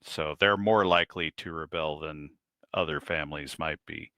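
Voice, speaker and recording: A man's voice: a bass voice, fairly even intonation, moderate pace, sharp tone, dry recording, clean studio sound. A man explaining his character's plans as a player in a tabletop game, matter-of-fact.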